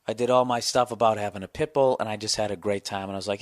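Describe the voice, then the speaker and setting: A man in his forties, a comedian hosting his podcast, telling a long profane story in a ranting, animated way. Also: fairly low pitch, quick pace, few pauses, no room sound, studio quality. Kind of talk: casual storytelling monologue.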